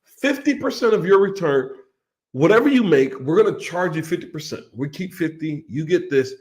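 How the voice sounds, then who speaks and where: A man with a high, lively voice hosts a reaction stream, jumping between hype and play-acted asides. His pitch climbs and drops all over as he riffs, animated and excitable throughout. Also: moderate pace. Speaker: host reacting to a podcast clip. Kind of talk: casual reaction commentary.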